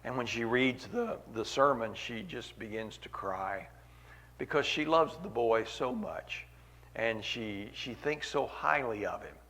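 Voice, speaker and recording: A man's voice: medium pitch, animated, measured pace, fairly bright tone. A man preaching a sermon at a church meeting, earnest, repeating key phrases for weight.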